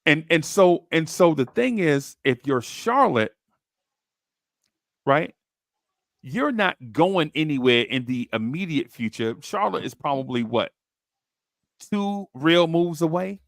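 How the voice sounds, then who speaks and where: Slangy excitable man with a gravelly voice. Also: slow, pauses often, dry recording, studio quality. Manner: slangy, excitable, acts out quotes in high voices. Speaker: podcast host. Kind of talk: animated storytelling chat.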